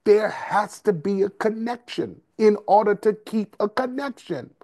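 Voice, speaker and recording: A man preaching a sermon in a slow, rhythmic cadence, repeating and building phrases. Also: sits high, warm tone. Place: service streamed over video call and conference line.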